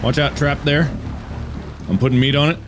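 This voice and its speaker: A man hosting a co-op game session with friends, joking and breaking into yells. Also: on the high side, moderate pace, over music. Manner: excitable, joking, bursts into yells. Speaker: host playing a co-op game with friends. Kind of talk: casual gaming chat.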